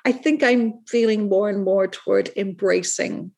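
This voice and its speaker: A middle-aged woman from Ireland with a soft Irish accent drifting toward American, speaking in a thoughtful, halting way as an author being interviewed. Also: medium pitch, gravelly. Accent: soft Irish, shifting toward American. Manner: thoughtful, halting, many restarts and fillers. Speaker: author guest. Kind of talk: reflective interview talk.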